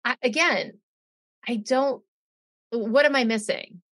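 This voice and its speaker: A woman's voice: fairly high pitch, takes it slowly, fairly bright tone. A young woman co-hosts a podcast in loose, casual chat. She talks bluntly, drops swear words and laughs easily as she recaps. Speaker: podcast co-host.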